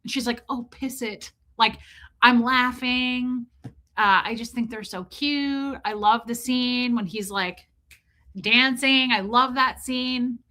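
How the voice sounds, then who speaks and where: A woman hosting a livestream, telling a comic story in a casual, profane, animated way and calling out viewers in the chat by name. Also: a little high, slow pace. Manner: animated, profane, ranting, reads chat names aloud. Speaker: livestream host.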